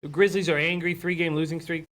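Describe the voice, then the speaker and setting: A man's voice: a little high, little pitch movement, fast talker, a bit bright. A man co-hosting a casual sports betting show, talking through hockey and basketball bets in a conversational way.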